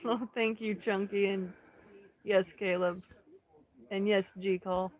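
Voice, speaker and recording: A woman in her thirties from Central California, a livestream host chatting calmly with her viewers and answering their comments one by one. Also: medium pitch, poor audio. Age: 30s. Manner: calm, unhurried, answering chat comments one by one. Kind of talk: casual chat with livestream viewers.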